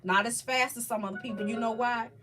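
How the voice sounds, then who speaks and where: A woman hosting a casual live chat with viewers, talking about faith in a halting, rambling, heartfelt way. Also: fairly high pitch, steady tone, sharp tone, a little hiss or hum. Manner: halting, rambling, restarts often. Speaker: livestream host chatting with viewers.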